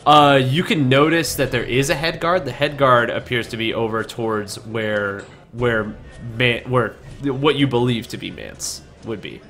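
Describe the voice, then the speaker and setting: A man narrating a tabletop game as game master, halting and restarting often as he describes the scene. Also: medium pitch, a bit bright, soft background music. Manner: halting, full of restarts and fillers.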